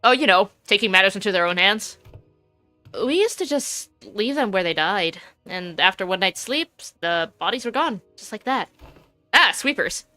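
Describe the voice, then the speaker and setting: A woman putting on a cheeky streetwise British woman from a game, slangy and offhand, with a bright, forward edge. Her voice sits close and dry on the mic, and faint music plays underneath. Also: medium pitch, lively intonation, normal speed, no room sound. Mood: breezy. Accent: British impression.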